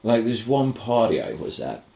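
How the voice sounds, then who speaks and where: A man's voice: medium pitch, normal speed, gravelly, echoey room. A man co-hosting a podcast, telling a story in casual chat, swearing often and acting out what people said. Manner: animated, swearing, acts out quoted voices. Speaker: podcast co-host.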